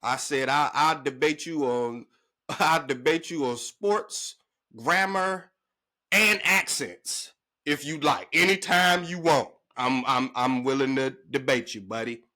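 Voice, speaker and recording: A man ranting to camera in a sports vlog, emphatic and slangy, his pitch jumping up when he gets worked up. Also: slow, pushed and bright. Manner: emphatic, slangy, calling the listener "bruh" and "big dog". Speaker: sports vlogger.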